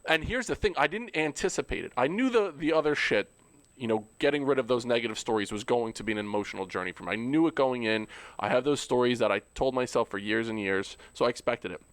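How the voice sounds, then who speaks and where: A man's voice: medium pitch, animated, fast, no echo. A man hosting a casual podcast, his voice in the middle range and recorded dry and close. He talks earnestly and swears freely, often stumbling over repeated words. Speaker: podcast host.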